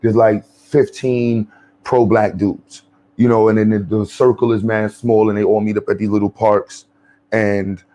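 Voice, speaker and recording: A man's voice: fairly low pitch, measured pace. Blunt, profane New man ranting. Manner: animated, blunt and profane, rambling with many fillers and restarts. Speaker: commentary channel host. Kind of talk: off-the-cuff social commentary.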